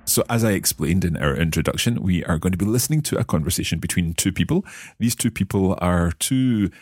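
A man's voice: sits low, expressive, brisk. A man hosting a language lesson, chatty and enthusiastic. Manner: chatty, enthusiastic, repeats words. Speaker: language course host.

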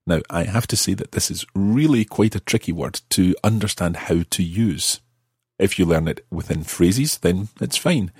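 Husky deep-voiced man teaching. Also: darkish tone, no echo, clean studio sound. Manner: patient, explains slowly with examples. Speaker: language teacher. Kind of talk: podcast grammar explanation.

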